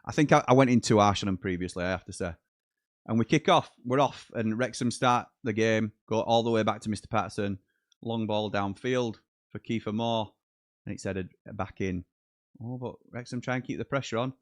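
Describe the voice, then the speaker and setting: On a live football watchalong, a man with a lowish voice talks a little fast, chatting and reading out viewer messages between bits of commentary. He gets excitable when goals go in. The sound is clean studio audio with no echo.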